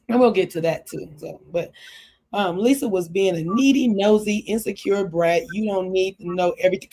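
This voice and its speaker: A woman's voice: medium pitch, moderate pace. A woman co-hosting a casual reality TV recap, talking animatedly and acting out what people said in changing voices. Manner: animated, acts out quotes in shifting voices.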